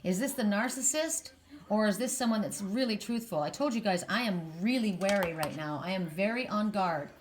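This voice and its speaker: Addressing her viewers head-on, a woman reads tarot cards in an impassioned spiritual monologue, often saying words twice to drive them home. Her mid-range voice is animated and moderately paced, with a little hiss or hum in the recording.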